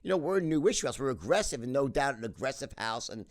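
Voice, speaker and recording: Speaking fast in a medium-pitched voice, this middle-aged podcast guest spins casual interview stories. He's animated and profane, restarting sentences constantly and asking "right?" again and again.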